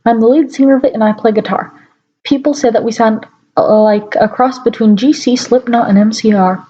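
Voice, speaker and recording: Reading aloud at home into a laptop mic, this woman has a slightly high, mellow, slightly rough voice, fairly quick and fairly even in intonation. Her mock-dramatic delivery breaks off for wry comments, and the sound is lo-fi.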